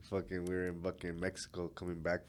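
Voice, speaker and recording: Chill guy with a real low voice hosting a podcast, swears a lot, laughs easy. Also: completely flat delivery, fairly quick. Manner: laid-back, laughs often, swears casually. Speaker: podcast host. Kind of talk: casual chat.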